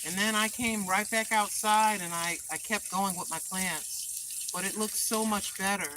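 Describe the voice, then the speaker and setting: Holding a phone camera while she waters the garden outdoors, an older woman vlogs casually to viewers, chatting and talking to herself under the name Granny. She sounds tired; her mid-range voice has fairly even intonation and a measured pace, with background noise behind it.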